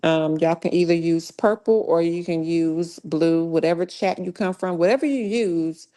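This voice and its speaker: A woman's voice: on the low side, moderate pace, mellow. A woman hosting a live true crime commentary stream, talking bluntly with heavy cussing and slang. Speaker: livestream host.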